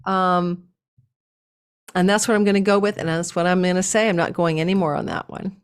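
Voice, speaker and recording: A woman giving a casual astrology forecast, talking with a lively up-and-down cadence and chatty asides. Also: on the low side, fairly quick, smooth.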